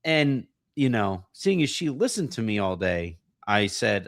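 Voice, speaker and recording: A man hosting a casual podcast, hoarse from a voice that partly went away, rambling and self-deprecating with lots of fillers and restarts. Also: fairly low pitch, animated, a little slow, few pauses, no room sound, clean studio sound. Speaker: podcast host.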